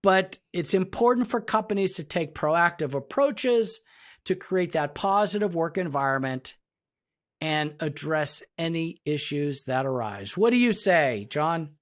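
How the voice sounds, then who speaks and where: A man's voice: fairly high pitch, expressive, a little slow. A man co-hosting an HR podcast who tells stories in casual chat and acts out the dialogue of the people in them. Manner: storytelling, acting out quoted dialogue. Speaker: podcast co-host, HR professional.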